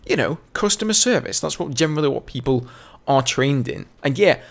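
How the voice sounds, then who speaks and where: A young man from England with an English accent, a gaming channel host telling a casual story in a chatty, rambling way. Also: mid-range voice. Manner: chatty and rambling, full of "you know".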